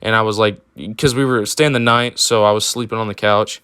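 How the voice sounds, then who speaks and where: A man's voice: fairly low pitch, steady tone, fairly quick, sharp tone, smooth, no echo, clean studio sound. Rambling young man telling a story. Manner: rambling, full of fillers and swearing. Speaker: storytime vlogger. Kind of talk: casual storytelling.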